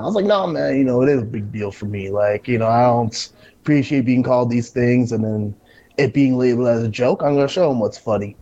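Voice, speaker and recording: A man's voice: medium pitch, quick pace. Man wrestler telling stories, dull audio. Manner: animated storyteller, acts out quotes. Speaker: pro wrestler. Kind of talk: casual conversation.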